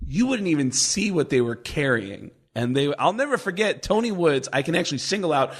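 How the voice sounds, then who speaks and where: A man in his forties, a comedian guest, telling animated stories and acting out the quotes. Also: fairly high pitch, a little fast, husky. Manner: animated anecdotes, acts out quotes. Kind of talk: casual storytelling.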